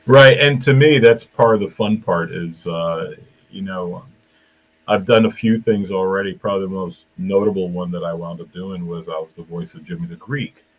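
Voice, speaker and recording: A man who hosts the show and works as a comedian, telling anecdotes in an animated, casual way. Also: deep voice, moderate pace, slightly rough. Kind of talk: casual chat.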